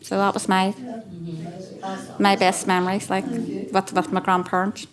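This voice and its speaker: A woman's voice: medium pitch, completely flat delivery, moderate pace, crowd noise. A woman with a Belfast accent who reminisces about her childhood in a chatty, rambling way, with many small fillers. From West Belfast. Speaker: carer sharing memories. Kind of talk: reminiscing on a podcast.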